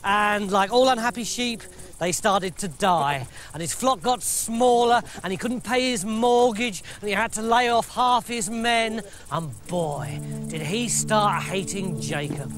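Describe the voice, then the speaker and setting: A man tells a comic story in a playful, conversational way, spinning it out for laughs. Music plays clearly behind his voice. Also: high voice, lively intonation, unhurried, a bit bright. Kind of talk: comic scripted narration.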